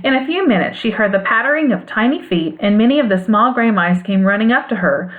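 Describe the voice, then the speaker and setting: A woman narrating a classic storybook aloud in an expressive, lilting way. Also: mid-range voice, fairly quick. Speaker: audiobook reader. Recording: phone-like narrow band sound.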